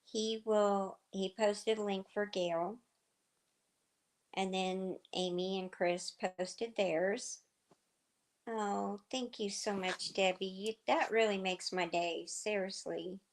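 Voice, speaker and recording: A middle-aged woman hosting a livestream, chatting casually and telling rambling stories with lots of fillers, her voice slightly hoarse. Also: medium pitch, fairly even intonation, slow pace. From southern United States. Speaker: livestream host. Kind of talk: casual chat with viewers.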